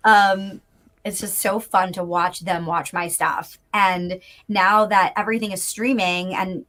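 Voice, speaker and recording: A woman's voice: mid-range voice, steady tone, fairly bright tone. Chatty, bubbly woman guest on a video call. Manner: chatty and bubbly, many fillers, quick laughs. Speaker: guest voice actor. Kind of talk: casual live interview chat.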